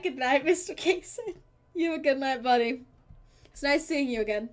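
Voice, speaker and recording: A high-pitched woman streams a dating game and reads the lines aloud, giggling often and dropping in goofy character voices. Her delivery is playful and casual. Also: expressive, moderate pace, pauses often.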